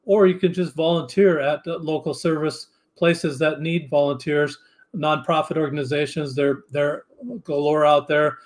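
A man guesting on a podcast, talking earnestly and haltingly with frequent restarts. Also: a little high, fairly even intonation. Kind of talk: casual interview chat.

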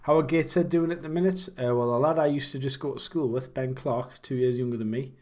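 A man's voice: mid-range voice, steady tone, quick pace, darkish tone. A young man, casually chatting and rambling while commentating on his own game. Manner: rambling, chatty, self-deprecating. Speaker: streamer.

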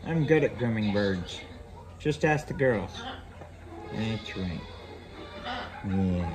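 Woman cooing to a parrot, lively pitch. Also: slow pace, long pauses, music in the background. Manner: coaxing sing-song baby talk; gentle and affectionate. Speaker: parrot rescue caretaker. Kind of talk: talking to a pet bird.

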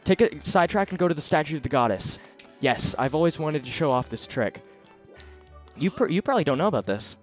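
A man's voice: a little high, sing-song. Guy hosting a let's play, telling his buddy where to go, headset mic, faint game music behind. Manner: directs the player, chatty and quick to laugh. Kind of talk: casual gameplay commentary.

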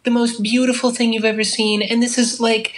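A woman's voice: fairly high pitch, little pitch movement, brisk. A woman comedian calling in to a podcast by phone, chatting casually with a wry, joking manner. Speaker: guest comedian. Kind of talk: casual chat. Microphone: phone call.

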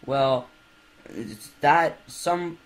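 A man's voice: a little high, drawn-out words, poor audio. A young man giving jumpy let's play commentary from his bed, breaking into screams and goofy baby talk, on a computer mic. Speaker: gamer. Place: in bed at home.

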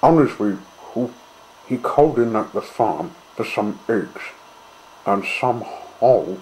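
Slow, low-voiced male storyteller. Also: a little mellow, a little hiss or hum, low-quality recording. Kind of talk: children's story reading.

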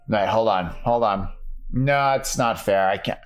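A man's voice: lowish voice, measured pace, soft background music. A man casually chatting and joking while playing a game on a live stream.

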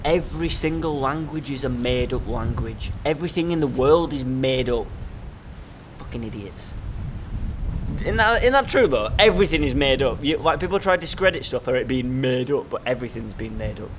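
A man chats in loose, sweary banter, full of jokes, while he explores a windy abandoned fort at sea. Loud noise fills the background around his voice. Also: mid-range voice, lively intonation, a little fast, hardly any pauses. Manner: sweary and joking. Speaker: vlogger exploring abandoned places. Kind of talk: casual banter. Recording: outdoor wind noise.

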